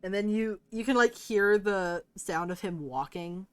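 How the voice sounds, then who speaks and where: A woman's voice: medium pitch, unhurried, clear, resonant tone, no room sound. A woman game master narrating a tabletop game in a loose, rambling way, full of fillers.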